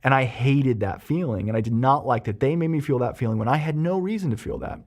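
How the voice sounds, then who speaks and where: Guy therapist talking on a podcast, lots of ums, gets animated telling stories, middling pitch. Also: quick pace. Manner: animated storyteller, frequent ums and restarts. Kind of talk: explanatory podcast talk with personal anecdote.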